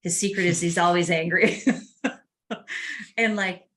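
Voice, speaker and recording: A woman's voice: fairly low pitch, steady tone, measured pace, fairly bright tone. A middle-aged woman hosting a podcast, telling family stories in a chatty, casual way with laughs. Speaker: podcast host. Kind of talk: casual chat.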